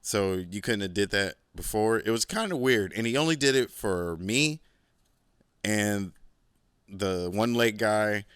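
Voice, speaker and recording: A podcast host tells a long, casual story in an unhurried, lively, fairly low voice with a bright, clean tone. The dry, clean studio recording catches his profane wandering, his heavy use of "like," and his relaxed boastful remarks.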